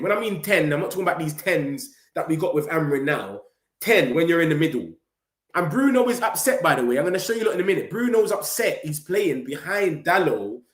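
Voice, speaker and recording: A young man, chatting casually and excitedly to his viewers in street slang, running his words together. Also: on the high side. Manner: excitable, slangy, rapid run-on talk. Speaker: football vlogger streaming to viewers. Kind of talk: casual live-stream chat. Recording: roomy echo.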